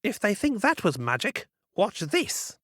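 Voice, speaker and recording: A man's voice: high-pitched, huge pitch swings, measured pace, a bit bright, no echo, clean studio sound, voice pushed up, exaggerated voice. A man voicing a mean, bad-tempered girl who is jealous and greedy, talking in a sneering, bratty way.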